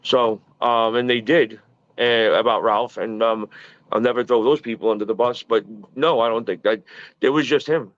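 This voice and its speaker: A man in his early forties, a guest in a casual podcast chat, who tells stories in a profane, animated way and stumbles over his words. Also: mid-range voice, normal speed, no echo, dull audio. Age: early 40s.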